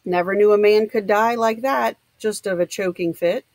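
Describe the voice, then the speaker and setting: A woman voicing a bewildered elderly male general who speaks slowly and haltingly. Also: mid-range voice, a little mellow, no room sound, lightly acted.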